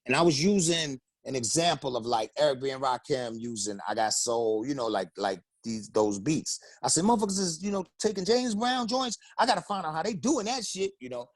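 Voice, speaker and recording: A man's voice: on the high side, brisk, hardly any pauses, dry recording. A man, telling stories casually in an interview and acting out quotes. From the Bronx, New York. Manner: animated storyteller, acts out quotes in raised voices. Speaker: interview guest, rapper and singer. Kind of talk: casual storytelling.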